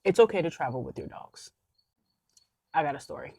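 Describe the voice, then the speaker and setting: A woman vlogger telling a story to her viewers in a casual, animated way, full of filler words. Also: sits low, fairly quick, vocal fry, breathy edge, no echo. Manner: animated, chatty, many filler likes. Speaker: van life vlogger.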